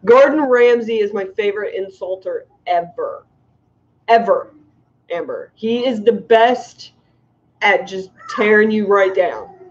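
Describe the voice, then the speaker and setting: A woman's voice: medium pitch, measured pace. Chatty middle-aged woman, muffled. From United States. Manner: chatty, giggly, rambling with many likes. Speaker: fishkeeping livestream host. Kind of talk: casual livestream chat reading comments. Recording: muffled lo-fi stream audio.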